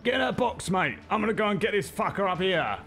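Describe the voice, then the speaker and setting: A man's voice: high voice, lively intonation, fast talker, a bit bright, soft background music, voice pushed up. A man voicing a brash male fighter who barks orders in a raised voice. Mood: commanding.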